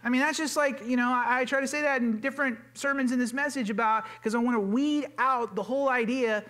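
A man's voice: very high voice, fairly even intonation, fast, bright, forceful tone. A man preaching a sermon as a pastor in a church, talking informally and earnestly with casual fillers and repeated words. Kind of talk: conversational sermon. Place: church sanctuary.

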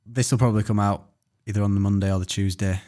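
A man, sitting in on a podcast chat. His voice is fairly low, and he mostly adds brief, dry remarks and asides. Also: fairly even intonation, fast, warm tone. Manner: dry interjections, short quips. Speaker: podcast co-host. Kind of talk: casual banter.

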